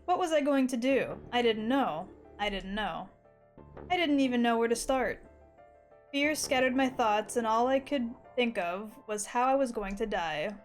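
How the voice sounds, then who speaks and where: A woman streamer reads a visual novel's narration aloud with dramatic flair, her voice sitting a little high. She breaks off for crude asides, with faint game music behind her. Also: normal speed. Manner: dramatic reading, laughing, crude jokes.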